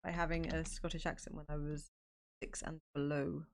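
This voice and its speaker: A woman's voice: deep voice, little pitch movement, normal speed, slight background noise. Woman, casual streamer, answers chat while drawing, easygoing and talkative. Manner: chatty, answering viewers' comments.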